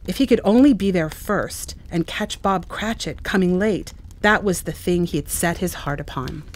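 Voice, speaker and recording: A woman's voice: lowish voice, moderate pace. A woman narrating a classic story expressively in a dramatic reading at a church event. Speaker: reader.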